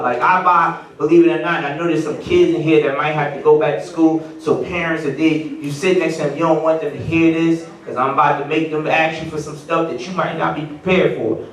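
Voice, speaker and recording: A middle-aged man performing a stand-up comedy set at a party, telling stories and putting on voices for the people in them. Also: a little high. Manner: animated storytelling with voiced quotes. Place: party venue with live audience. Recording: roomy, distant venue recording. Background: audience laughter.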